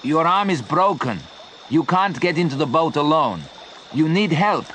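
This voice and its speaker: A firm, caring man in a spoken storybook, insisting on helping his injured friend, voiced by a male narrator. The voice is pitched up and moves a lot in pitch, with a faint noise hiss underneath. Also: expressive, a little slow, a bit bright. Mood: insistent. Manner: insistent, reassuring.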